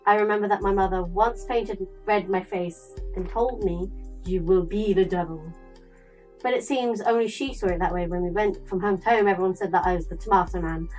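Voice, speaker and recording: A woman's voice: medium pitch, brisk, hardly any pauses, soft background music, poor audio. Chatty woman gaming YouTuber. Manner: chatty, dramatic, animated storyteller. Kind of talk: reading a visual novel aloud with commentary.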